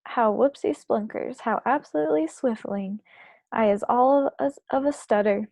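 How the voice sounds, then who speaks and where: A woman reading aloud, voicing a huge, kindly, very old male giant who mangles his words earnestly and a little loudly. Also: a little high, moderate pace, vocal fry, dry recording. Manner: garbled grammar, loud and earnest.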